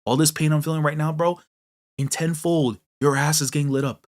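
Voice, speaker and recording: A male host reacting emotionally while reading through a manga, slangy and excitable, swinging between muttered dismay and loud outbursts. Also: a little high, brisk.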